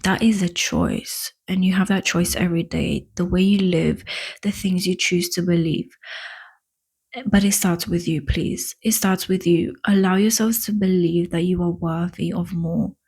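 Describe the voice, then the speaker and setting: A breathy, husky-edged woman speaks straight to her viewers in a casual self-help vlog. English is not her first language, and her phrasing halts and restarts as she draws out the words she wants to stress. She calls her listeners "my love" with earnest affection. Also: on the low side, fairly even intonation, darkish tone. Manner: halting, with restarts and drawn-out emphatic words. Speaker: vlogger. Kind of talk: casual spiritual self-help talk to camera.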